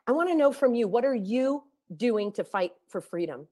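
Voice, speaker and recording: A woman speaking straight to her viewers, out of breath, firing rhetorical questions that build to near-shouting. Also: on the high side, animated, unhurried. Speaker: activist vlogger. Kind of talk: impassioned direct-to-camera monologue.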